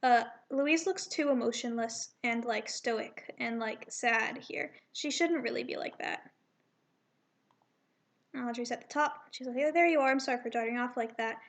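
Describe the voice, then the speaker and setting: Reading through her comic draft, a woman with a high voice and some vocal fry gives the characters their voices in a relaxed way. Her delivery wanders, with frequent self-corrections and brief side comments.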